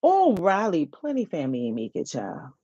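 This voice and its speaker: A middle-aged woman, hosting a casual live-stream chat, animated and laughing often. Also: fairly low pitch, moderate pace, breathy edge, no echo, lo-fi sound. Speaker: HR YouTube channel host. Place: home.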